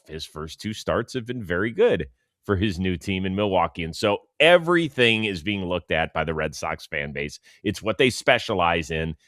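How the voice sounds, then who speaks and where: A man co-hosting a casual sports talk show, animated and sarcastic, often dropping into mocking quotes. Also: on the low side, no echo, studio quality. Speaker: co-host.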